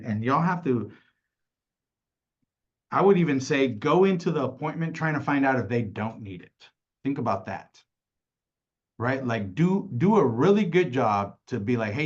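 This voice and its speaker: A man leading a casual sales training, animated, laughing often and tagging nearly every point with "right?". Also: mid-range voice. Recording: slightly dull lo-fi audio.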